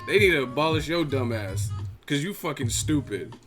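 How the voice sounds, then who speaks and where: A man's voice: on the high side, lively intonation, moderate pace, fairly bright tone, faint music behind. Profane, ranting male live streamer. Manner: profane, heated, laughing mid-sentence. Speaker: host of a boxing live chat.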